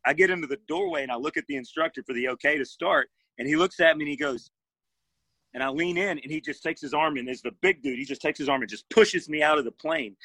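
A man's voice: on the high side, bright, forceful tone, dry recording. A man, a former Navy SEAL guest, telling jump stories in a laid-back way with dry humor. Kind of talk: casual storytelling chat.

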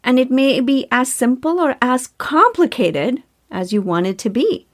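A woman hosts a spiritual self-help podcast, talking earnestly, repeating herself, and filling her speech with rhetorical questions. Her high voice has lively intonation and a slightly slow pace.

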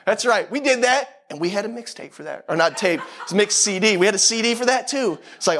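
A man's voice: high-pitched, expressive, a little fast, few pauses, a bit bright, slight background noise. A man in his thirties preaching a sermon in a conversational, storytelling way, with self-deprecating humor. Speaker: pastor.

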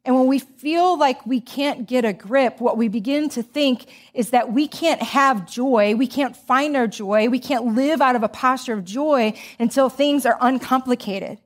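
A woman's voice: sits high, a little slow, few pauses. A middle-aged woman giving a sermon in a chatty, storytelling way, full of asides and fillers. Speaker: speaker.

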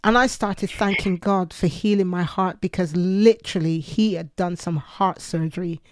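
A woman's voice: lowish voice, moderate pace, slight background noise. Earnest woman telling faith stories. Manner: earnest storytelling, quotes her own prayers. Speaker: podcast co-host. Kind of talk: conversational Christian podcast.

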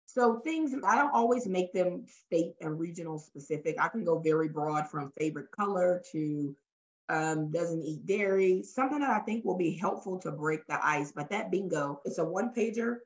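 Her voice is on the low side and her speed is normal, though the sound is lo-fi. This Southern-accented woman from Louisiana is a guest in a casual interview, recounting stories as a talent development facilitator and playfully acting out the lines from her workshops.

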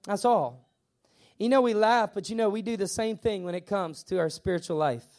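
High-voiced man preaching a sermon. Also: moderate pace, darkish tone. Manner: emphatic, repetitive preaching with stammered acted asides. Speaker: pastor.

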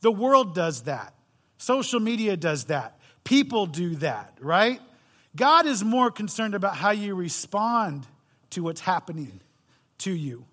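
A middle-aged man preaches a sermon in a high-pitched voice. He tells stories with self-deprecating humor before turning to scripture. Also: big pitch swings, measured pace, fairly bright tone. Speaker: pastor.

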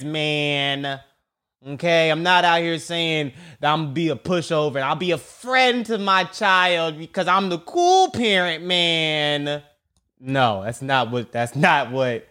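A young man hosting a podcast, telling a story in an animated, profane, slang-heavy solo rant. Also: on the high side, clean tone. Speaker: podcast host.

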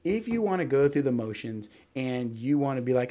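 A chatty man on a casual podcast, talking at a medium pitch. He tells stories with lots of fillers and asks "right?" often. He acts out the quotes in his stories. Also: fairly quick, few pauses. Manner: animated storyteller, many fillers and "right?"; acts out quotes in other voices. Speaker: podcast co-host. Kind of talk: casual sports talk.

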